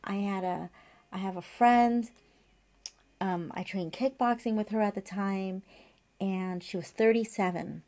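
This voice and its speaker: An acupuncturist in her forties speaks to camera from her office in a mid-range, dark-toned voice, keeping an even intonation and measured pace. In this casual advice monologue she tells a rambling personal story, chatty and digressive, full of fillers and asides.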